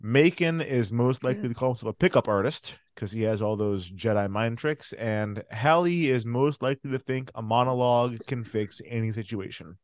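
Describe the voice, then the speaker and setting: A man's voice: medium pitch, moderate pace, hardly any pauses, no echo, studio quality. A man hosting a movie podcast in casual chat, swearing freely and laughing easily. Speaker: podcast host.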